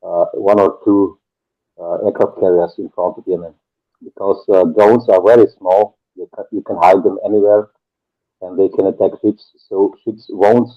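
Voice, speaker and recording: A man on a discussion panel, speaking haltingly with many fillers. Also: low voice. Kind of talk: casual discussion. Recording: tinny phone-like line.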